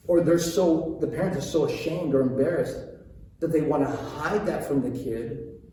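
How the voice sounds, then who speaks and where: A man's voice: fairly high pitch, normal speed, mellow, slight background noise. A man speaking as a parenting coach, talking earnestly and directly to his listeners, often repeating his points. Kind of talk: casual talk to viewers. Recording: very echoey room, distant mic, faint ambience.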